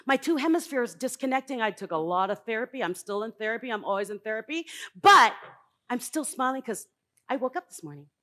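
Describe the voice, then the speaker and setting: A middle-aged woman giving a live motivational talk on a conference stage, blunt and emphatic, jumping from loud bursts to quiet asides. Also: fairly high pitch, expressive, fast talker. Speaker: conference speaker.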